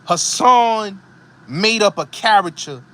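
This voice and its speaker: Middle aged bronx guy w/ new york accent going off on a rant, high voice, slow and emphatic. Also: animated, fairly bright tone. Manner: emphatic, repetitive, accusatory ranting. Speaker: host. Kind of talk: heated commentary monologue.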